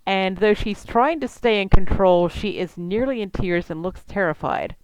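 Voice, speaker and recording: A woman's voice: medium pitch, moderate pace, clean tone, no echo, rough recording. A woman running a tabletop game, chatty and descriptive, laughing easily. Her voice sits mid-range for a woman. The sound is dry and close. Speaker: game master.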